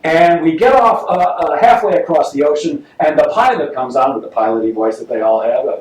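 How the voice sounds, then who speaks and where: A man gives a lively, joking seminar talk, slipping into voices for his stories, and his voice sits a bit high for a man. He sounds as if he is picked up from across a roomy meeting room, with a faint hiss behind him. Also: fairly quick, hardly any pauses. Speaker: sales trainer giving a talk. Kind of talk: live seminar talk to an audience. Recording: roomy, distant mic with faint noise.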